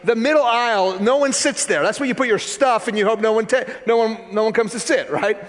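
Man, pastor, high voice, animated conversational sermon, long hall reverb. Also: brisk. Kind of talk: sermon with storytelling.

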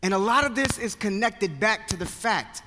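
In a church sanctuary with long hall reverb and some background noise, a man preaches a sermon on a handheld mic. He's high-pitched with lively intonation and a normal pace, earnestly telling stories in slang-laced, conversational language mixed with scripture.

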